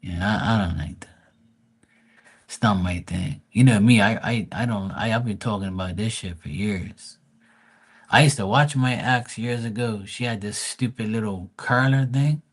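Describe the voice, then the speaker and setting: A man's voice: lowish voice, moderate pace, husky. A man telling stories in a casual, crude and mocking rant, full of swearing, with stammered restarts. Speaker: vlogger.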